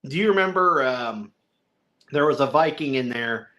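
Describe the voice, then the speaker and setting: A man with a bright, forceful voice talks loosely through a film, rambling and chuckling as he goes. He slips into little put-on voices to act out lines, then drops back into easy chat at a middle pitch. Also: lively intonation, normal speed. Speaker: podcast co-host reviewing a film. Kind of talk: casual chat.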